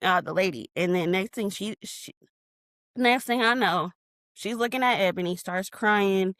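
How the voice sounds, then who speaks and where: A woman's voice: mid-range voice, measured pace, no room sound. Woman telling a painful memory, dry close mic. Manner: emotional retelling, reenacting her own shouts. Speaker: podcast guest. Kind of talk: personal storytelling interview.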